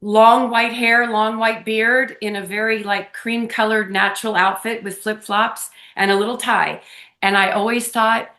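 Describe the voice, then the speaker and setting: A woman being interviewed as a podcast guest, telling personal stories in an earnest, heartfelt way that often drops into a hushed tone. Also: on the high side, little pitch movement, measured pace. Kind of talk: conversational storytelling.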